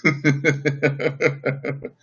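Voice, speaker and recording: A man's voice: fairly high pitch, little pitch movement, extremely slow, fairly bright tone, husky. A man hosting a casual livestream, answering chat comments bluntly, swearing and laughing often. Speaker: livestream host. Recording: dull lo-fi livestream audio.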